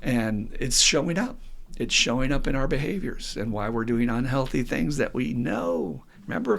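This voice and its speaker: A middle-aged man, hosting a podcast as an addiction counselor and telling stories in a lively way. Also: mid-range voice, vocal fry. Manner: lively storyteller who acts out quotes with laughs. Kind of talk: casual podcast monologue.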